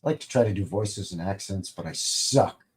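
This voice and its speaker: Guy rambling on his live stream, reading chat out loud, joking around, voice goes up and down a lot. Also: low-pitched, lively intonation, normal speed. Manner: rambling, greets and reads viewer comments; jokey and informal, swears lightly. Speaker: livestream host.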